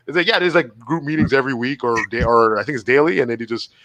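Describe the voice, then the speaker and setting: A man's voice: medium pitch, fast, a bit bright. A man, co-hosting a casual comedy podcast, telling rambling stories full of swearing. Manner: rambling storyteller, swears a lot, laughs through stories. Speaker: podcast co-host. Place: Montreal.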